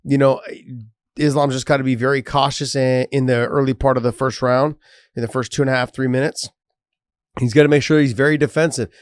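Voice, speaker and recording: A man with a medium-pitched, steady, brisk voice and clean tone co-hosts a sports podcast with no room sound. He's loose and casual, swears freely, and delivers a sponsor promo.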